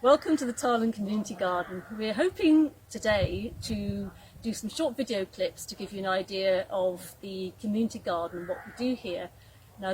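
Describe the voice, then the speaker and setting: A woman introduces a community garden in a casual, hesitant way, pausing with fillers. Faint background noise sits behind her. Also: mid-range voice, poor audio. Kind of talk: casual presenting.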